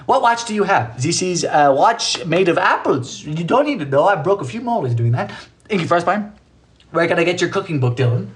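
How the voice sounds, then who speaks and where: A man's voice: big pitch swings, a little fast, slight background noise. British male baking host, playful, theatrical, swings his voice all over while reading comments. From Britain. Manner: playful, theatrical, jumps between high and low voices. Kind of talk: casual live-stream chat reading comments. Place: home kitchen.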